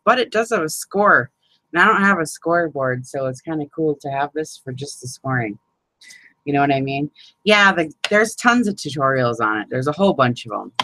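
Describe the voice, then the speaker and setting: A woman's voice: lowish voice, pushed and bright, no room sound, rough recording. A woman hosting a live crafting chat, rambling and exasperated, swearing and laughing as she talks to viewers by name. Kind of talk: casual live chat, demonstrating a paper craft.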